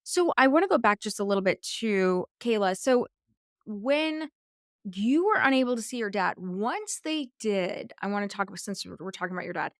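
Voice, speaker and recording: A woman hosts a podcast in a chatty, gushing way, filling her sentences with "like". Her voice sits at an ordinary pitch for a woman. The recording is dry and close, with no room sound. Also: animated, normal speed, dry recording. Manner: chatty, gushing, many "like" fillers. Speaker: podcast host. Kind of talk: conversational interview.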